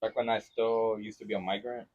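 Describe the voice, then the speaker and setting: A man hosting a podcast in casual chat, mixing English and as he tells animated stories. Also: fairly low pitch, a little fast. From Mexico-Texas border region. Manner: switches between English and Spanish, animated storytelling. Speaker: podcast host. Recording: lo-fi podcast recording.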